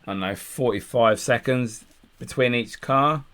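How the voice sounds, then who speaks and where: A man's voice: mid-range voice, a little slow, a bit bright. A man co-hosting a podcast, chatting casually about a day out, with some swearing. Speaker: podcast co-host. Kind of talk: casual chat.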